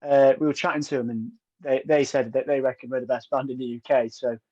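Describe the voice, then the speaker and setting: A man's voice: medium pitch, fairly even intonation, quick pace, warm tone, no room sound. A young man from a band, chatting casually in an interview and telling stories. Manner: chatty storyteller, uses local slang. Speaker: band member guest. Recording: dry, slightly dull sound.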